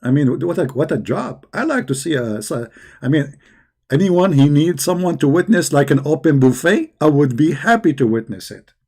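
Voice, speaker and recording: A man hosting a casual livestream, talking in a mocking, animated way with quick asides. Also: a little high, husky. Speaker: host.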